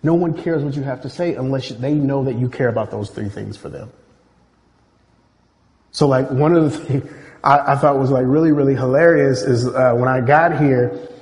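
A man's voice: mid-range voice, a little mellow, in a large hall. A man preaching a sermon, telling stories animatedly and acting out quoted voices. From Nigeria.

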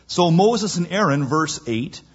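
A man preaching in a slow, measured way, with a husky, breathy edge to his voice. He reads scripture and then retells it in plain, casual words, throwing himself into the lines he quotes. The recording sounds dull and lo-fi. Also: on the high side, lively intonation. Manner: dramatic, acts out quoted lines. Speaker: pastor. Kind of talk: expository sermon.

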